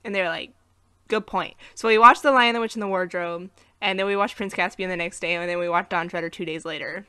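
A woman's voice: fairly low pitch, steady tone, fast talker, hardly any pauses, bright, forceful tone, clear, resonant tone, dry recording, studio quality. An American woman co-hosting a podcast, chatting casually through a movie review and recapping the plot, laughing at her own slips. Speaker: podcast co-host.

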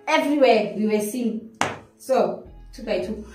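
A young woman with a South African accent, telling her personal story in an interview, animated and switching in and out of isiZulu. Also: fairly high pitch, a little slow. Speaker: interview guest. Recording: echoey room, voice from a distance, faint music.

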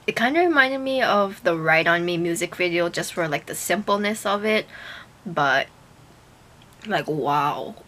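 A young woman talks straight to her camera from a small bedroom, her voice bright and forward. She gushes and gets emotional, filling her talk with likes and ums. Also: lowish voice, a little slow. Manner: gushing, emotional, fillers and many likes. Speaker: YouTuber reacting to a music video. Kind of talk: casual chat to camera.

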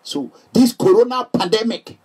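Animated Nigerian man, husky and distant. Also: high voice, normal speed. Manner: animated, joking, laughs often. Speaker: vlogger. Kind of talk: casual chat to viewers. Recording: voice distant from the mic.

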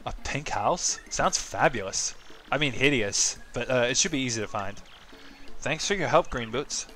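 A man's voice: mid-range voice, expressive, moderate pace, sharp tone. A man voicing a sassy young female mushroom creature in a video game, snarky and blunt.

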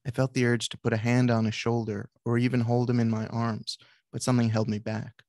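A psychiatrist reading aloud from his own book in a measured way, with brief asides to the audience. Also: medium pitch, flat delivery, darkish tone, no room sound, clean studio sound. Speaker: author and psychiatrist.

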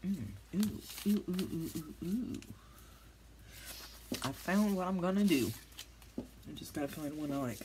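A woman's voice: lowish voice, lively intonation, a little slow, pauses often, background noise. A woman, telling a rambling, self-deprecating story as she crafts at home for her vlog. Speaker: crafting channel host. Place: home, with dogs nearby.

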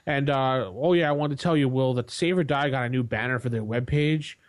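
A man hosting a gaming podcast in casual chat, matter-of-fact and quick. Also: mid-range voice, no room sound. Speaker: podcast host.

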